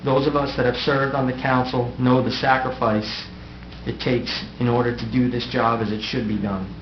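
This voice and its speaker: Speaking from the council dais, a middle-aged mayor on his way out gives a scripted goodbye laced with dry jokes at his own expense. His voice sits in the middle range, barely moves in pitch, and keeps a moderate pace. The room audio is noisy, muffled and full of echo.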